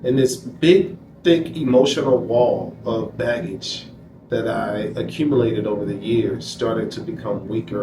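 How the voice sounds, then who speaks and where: A man's voice: lowish voice, a little slow, recorded from a distance. Interview guest, man, emphatic storyteller, heard from afar in a noisy, echoey room. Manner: emphatic, repeats phrases, quotes himself. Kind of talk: candid personal storytelling.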